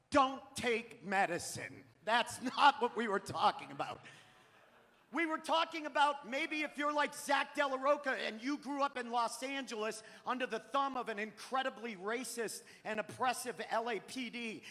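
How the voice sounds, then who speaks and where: A man from Maine in his thirties doing a live stand-up set, profane and ranting, often bursting into shouts. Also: very high voice. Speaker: stand-up comedian. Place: large theater stage. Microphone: handheld stage mic. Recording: live theater stream with long hall reverb.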